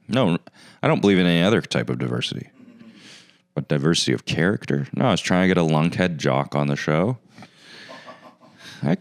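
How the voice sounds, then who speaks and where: A man's voice: deep voice, no room sound, studio quality. A man hosting his own comedy podcast, rambling in a sarcastic, mock-arrogant way. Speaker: podcast host. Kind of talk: casual comedic monologue.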